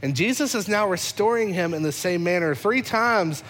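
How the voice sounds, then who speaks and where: A pastor preaching a sermon in an animated, conversational way, building points by repeating phrases. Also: male voice, high voice, moderate pace, in a large hall.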